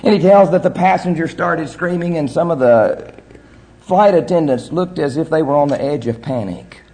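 A male preacher with a somewhat high voice that swings widely in pitch as he preaches. He tells his story earnestly, pausing now and then as he goes. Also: expressive, warm tone. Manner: earnest storytelling delivery with measured pauses. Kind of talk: sermon.

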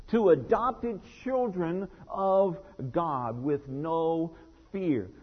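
A man's voice: on the high side, slightly rough. A man preaching a sermon as pastor, telling a story with earnest care and building to emphatic points. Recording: dull recording with long hall reverb.

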